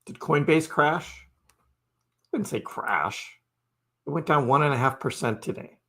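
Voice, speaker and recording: A man's voice: fairly high pitch, lively intonation, unhurried, bright, forceful tone, husky. A man hosting a casual crypto live stream, chatting loosely, laughing often and answering viewers by name. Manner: chatty and laid-back, laughs often, talks to chat by name.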